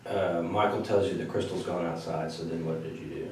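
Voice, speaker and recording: A male police detective asking calm, brief questions during an interrogation. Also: sits low, a little fast. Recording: echoey room, mic far off, faint noise.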